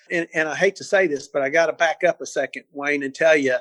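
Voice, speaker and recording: An older man tells a long story in an interview, animated and quick to repeat himself as he builds up a scene. His voice sits a bit high for a man. The sound is dry and close. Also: no echo. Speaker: interview guest.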